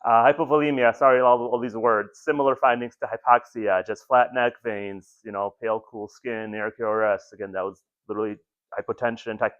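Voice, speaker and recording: A man's voice: medium pitch, fairly even intonation, brisk. A man giving a casual training lecture to ambulance crews, rambling and self-deprecating, with lots of ums and restarts. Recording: muffled lo-fi recording.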